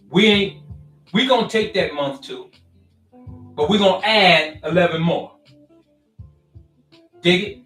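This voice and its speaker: A man giving a casual, preachy motivational talk to his online followers. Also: fairly high pitch. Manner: preachy and animated, with call-and-response asides. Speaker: vlogger talking to his followers. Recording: roomy and distant, faint music behind.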